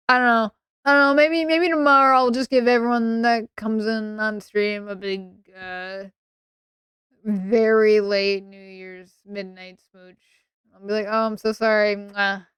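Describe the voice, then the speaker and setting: A woman's voice: on the high side, a bit bright, clear, resonant tone, dry recording. A woman streamer chatting casually late at night, sleepy, rambling and playfully teasing her chat.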